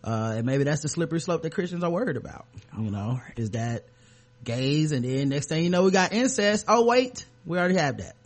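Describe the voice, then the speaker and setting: A man hosts a loose comedy podcast, joking and sarcastic as he rambles. His voice sits on the higher side. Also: animated, a little fast. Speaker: podcast host. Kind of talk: casual comedic podcast chat.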